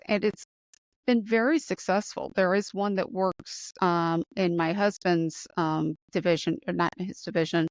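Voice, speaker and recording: A woman hosting a conversational interview, from the United States, talking in an enthusiastic and emphatic way. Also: dry recording. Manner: enthusiastic, emphatic, rising pitch when excited. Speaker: podcast host.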